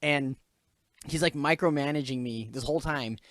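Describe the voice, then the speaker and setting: A young man hosting a casual podcast, telling his story with lots of swearing and energy. His voice sits a bit higher than most men's. The sound is close and dry. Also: normal speed, dry recording. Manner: swears a lot, animated storytelling, laughs while venting. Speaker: podcast host. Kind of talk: casual chat.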